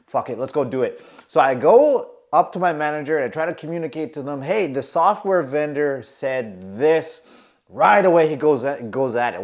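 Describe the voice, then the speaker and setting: A man with a medium-pitched, lively voice coaches on confidence at a measured pace. He tells a personal story, acting out his own anxious inner monologue, shifting between tense mutters and emphatic bursts.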